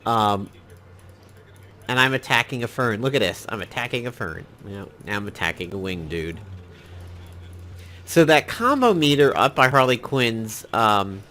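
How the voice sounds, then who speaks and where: A man's voice: mid-range voice, big pitch swings, unhurried, pauses often, pushed and bright, slight background noise. A man from New York giving casual, rambling commentary while playing a mobile game, with many fillers and asides.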